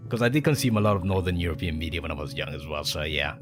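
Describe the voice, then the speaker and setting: This male game streamer has a bass voice and talks very fast and expressively, rambling and chuckling often as he chats casually. He's a native Spanish speaker with a mixed Spanish and Australian accent, and faint game music plays behind him.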